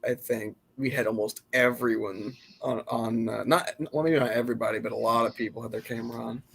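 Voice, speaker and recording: A man co-hosting a casual live stream chat, relaxed and chuckling as he recalls things. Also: mid-range voice, a little fast, creaky, slightly rough. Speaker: podcast co-host.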